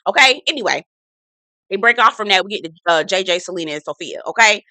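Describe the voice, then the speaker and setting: Bright lively woman, sassy and blunt, cussing through a reality show recap, dry close mic. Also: medium pitch, fast talker, dry recording. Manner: sassy, blunt, profane, exasperated. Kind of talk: casual recap commentary.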